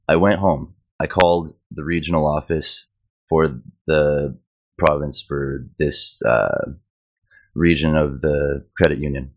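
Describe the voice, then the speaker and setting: A man's voice: extremely low pitch, steady tone, slow pace. A Canadian man in his thirties telling a personal story in an agitated, exasperated way, mimicking the people he quotes. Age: 30s. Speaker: community hangout participant.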